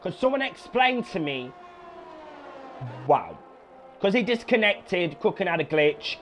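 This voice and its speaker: A young man giving live sim-racing commentary, excitable, swearing and shouting encouragement at the drivers. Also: sits high, measured pace, long pauses, slight background noise. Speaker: race commentator.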